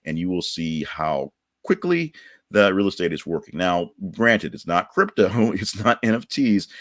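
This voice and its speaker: Deep-voiced man rambling through news. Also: fairly bright tone, no room sound, studio quality. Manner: rambling, loose and conversational with many fillers. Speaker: podcast host. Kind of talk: casual news chat with ad reads.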